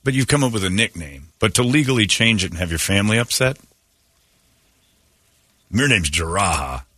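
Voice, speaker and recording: A man's voice: normal speed, no echo. A man hosting a casual morning radio show, joking and bantering with his co-host. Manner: animated, jokey, jumps into mocking high voices.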